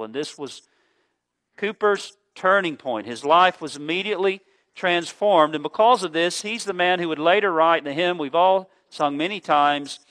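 A man preaching a sermon, telling a story in an earnest, measured way with small filler pauses. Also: a little high, fairly bright tone.

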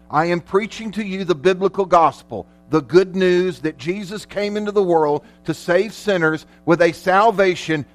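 A man preaching a sermon as pastor, emphatic, slowing down and swelling in volume on key words. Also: high voice. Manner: emphatic preaching with dramatic slowdowns and loud peaks.

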